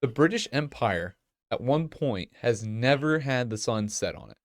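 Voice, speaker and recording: A man's voice: mid-range voice, expressive, normal speed, dry recording, studio quality. A man co-hosting a casual podcast, crude and sarcastic as he jokes with friends. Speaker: podcast co-host.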